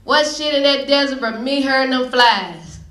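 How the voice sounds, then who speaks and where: Brief: woman host-comic, high and bright, loud playful storytelling, echoey club. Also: normal speed. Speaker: comedy show host and stand-up comic. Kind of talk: stand-up comedy with emcee introduction. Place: comedy club stage. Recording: echoey comedy club room.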